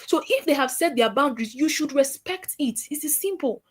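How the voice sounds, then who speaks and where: A woman giving a workshop lecture to trainees in a lively, scolding way. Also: high voice, brisk. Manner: lively, scolding, acts out caller voices.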